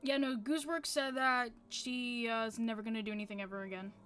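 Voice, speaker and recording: A woman's voice: a little high, steady tone, fairly quick, a bit bright. A woman streaming a game, chatting casually with a loose, profane, self-mocking manner. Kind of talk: casual live-stream chat.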